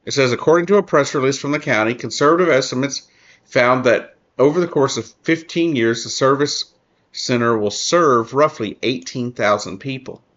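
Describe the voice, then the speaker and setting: With a mid-range, slightly bright voice heard through dull audio, this man hosts his own political commentary show. He reads an article aloud and adds earnest comments, halting often, using fillers and restarting his sentences.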